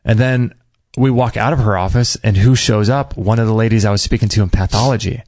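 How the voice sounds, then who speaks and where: A man hosting a podcast, telling a personal story in a casual, animated way and acting out what people said. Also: on the low side, brisk, dry recording, clean studio sound. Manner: animated, acts out quoted dialogue; emotional, near tears at times. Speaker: podcast host.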